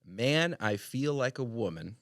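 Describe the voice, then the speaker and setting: A young man, a wedding DJ, chatting on a podcast in an animated, emphatic way and laughing often. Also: mid-range voice, unhurried, no room sound, studio quality. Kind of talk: casual podcast chat.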